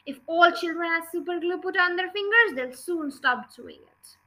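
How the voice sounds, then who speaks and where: A woman voicing a sharp-tongued, dismissive mother in a storybook reading. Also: extremely high pitch, lively intonation, normal speed, full character voice. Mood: scolding. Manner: scolding, dismissive.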